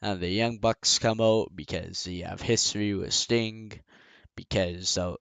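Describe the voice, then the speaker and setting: A man's voice: lowish voice, smooth, dry recording. A man hosting a casual show, recapping wrestling events and acting out the wrestlers' speeches. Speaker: host.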